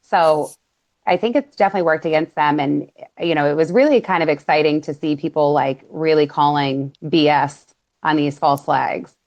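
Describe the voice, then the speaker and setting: A woman's voice: low voice, normal speed, lo-fi sound. A woman hosting a casual talk show, chatting with lots of fillers and laughs. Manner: animated, laughing, many fillers. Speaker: podcast host. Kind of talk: casual conspiracy chat.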